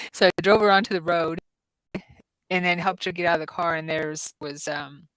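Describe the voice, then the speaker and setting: A woman in her fifties hosts a casual livestream chat and tells long stories with ums and restarts. Her voice sits a little low. The sound is dry and close. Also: fairly even intonation, normal speed, fairly bright tone, no room sound, low-quality recording. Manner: chatty storyteller with many ums and restarts. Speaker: psychic-medium host.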